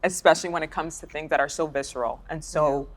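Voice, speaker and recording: Female analyst, low register, reflective and deliberate. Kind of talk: panel discussion.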